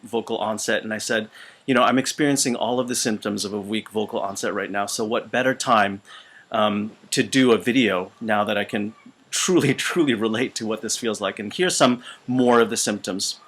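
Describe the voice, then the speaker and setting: A man teaching voice, speaking with a weakened, out-of-shape voice in a halting way full of fillers and restarts. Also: on the low side, fairly bright tone. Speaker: voice teacher and choir conductor. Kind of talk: casual instructional video. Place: small retreat room.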